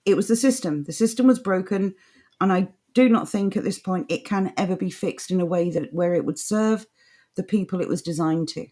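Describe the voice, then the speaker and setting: A woman's voice: fairly low pitch, a little fast, dark tone. A woman co-hosting a casual opinion podcast, blunt and scornful, laughing often as she talks and reads aloud. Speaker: podcast co-host. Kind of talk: casual opinionated chat, reading an article aloud.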